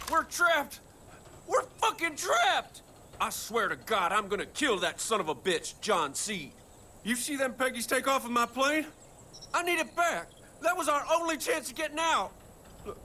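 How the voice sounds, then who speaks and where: A frantic, swearing bush pilot. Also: male voice, extremely high pitch, sharp tone, slight background noise, full character voice. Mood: panicked. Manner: swears a lot, quick swings between panic and cheer. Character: desperate rural pilot, profane and excitable.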